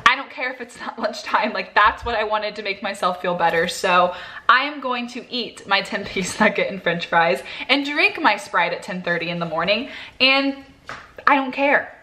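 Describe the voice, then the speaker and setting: A young woman vlogs to the camera from home, chatting candidly and speaking straight to her viewers. Her mid-range voice is bright and forceful, animated, and delivered at a moderate pace.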